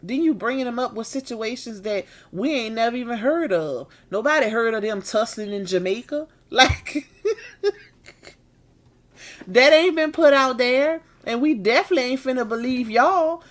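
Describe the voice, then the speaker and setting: A woman hosting a live stream chats casually with her viewers, yawning and saying she's tired and needs a nap. She uses drawn-out Southern-style slang like y'all and baby, in a fairly high, lively, slightly bright voice.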